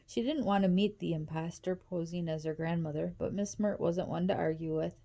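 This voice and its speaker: A woman reading a novel aloud in a steady, even storytelling manner. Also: fairly low pitch, fairly quick, creaky. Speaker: audiobook reader.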